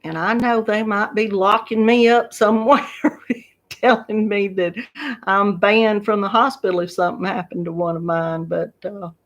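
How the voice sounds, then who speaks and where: A woman's voice: mid-range voice, fairly even intonation, normal speed. A grandmother in her fifties with a Southern US accent, chatting casually to viewers in a home live stream and laughing often. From Georgia, USA. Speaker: YouTube craft channel host.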